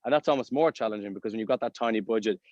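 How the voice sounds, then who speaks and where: This podcast guest, a Dublin Irish hostel co-owner in his thirties, races through chatty travel stories in a casual interview, stumbling over fillers and restarts. His voice sits on the low side and is a little mellow, and the muffled recording has no echo.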